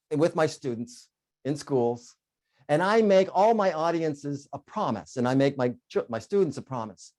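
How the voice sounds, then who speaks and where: Animated middle-aged man telling stories. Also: high voice. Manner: animated storyteller, bursts into sung "oh yeah" and laughs. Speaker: keynote speaker. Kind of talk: humorous motivational speech.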